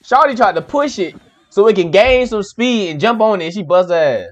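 A young man hosting a reaction video, giving casual commentary that is animated, exclamatory and profane, and laughing often. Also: high-pitched, fairly quick, background noise.

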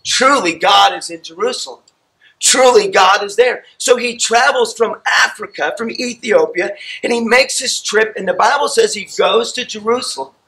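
A male pastor telling a Bible story in a sermon, acting out the scenes with animated storytelling, out of breath. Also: sits high, normal speed, gravelly, low-quality recording.

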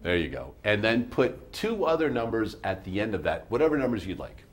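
A man's voice: fairly low pitch, big pitch swings, fairly quick, slight background noise. A man hosting a math TV show from a studio, teaching in a patient, classroom style and checking in often with his listeners. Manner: patient, coaxing, checks in often with "all right?".

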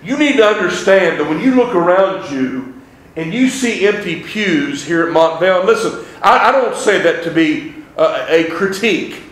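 High-voiced preacher in an echoey church. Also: male voice, lively intonation, normal speed, fairly bright tone. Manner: fervent preaching with quoted scripture in old-style wording. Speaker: evangelist preacher. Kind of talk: revival sermon. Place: church sanctuary.

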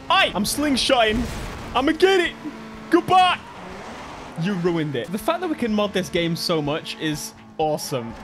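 Young British man, high voice, excitable racing-game commentary, laughs a lot, loud music behind. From Britain. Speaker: gaming YouTuber. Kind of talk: gameplay commentary.

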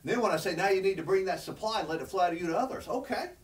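The congregation responds as a man preaches, explaining scripture earnestly and conversationally, his voice lifting to press each point. He talks fast in a high, expressive voice, recorded far from the mic.

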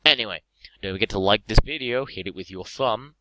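A young Englishman opens card packs on camera, his commentary casual, hyperactive, full of swearing and frequent laughter. He talks briskly in a lowish voice over a noisy background.

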